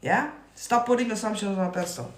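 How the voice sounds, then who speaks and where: Profane, yelling male manifestation coach. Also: sits high, fast. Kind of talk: live-stream talk answering viewer comments. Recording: roomy echo.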